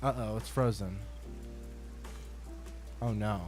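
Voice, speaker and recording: A man's voice: mid-range voice, animated, slow pace, darkish tone, soft background music. A man streaming a game live, talking to himself and his chat with exasperated swearing and melodramatic pleading. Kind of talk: live gameplay commentary. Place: home desk setup.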